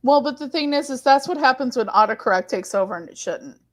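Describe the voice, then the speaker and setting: A woman co-hosting a casual online comic book hangout, telling stories in an animated way with many restarts. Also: high-pitched, quick pace. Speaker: co-host. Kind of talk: casual chat.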